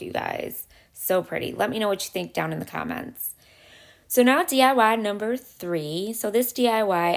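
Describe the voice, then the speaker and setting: Low, gravelly-voiced woman explaining crafts. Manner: chatty, step-by-step, frequent "um" pauses. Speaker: craft channel host. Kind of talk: casual craft tutorial voice-over.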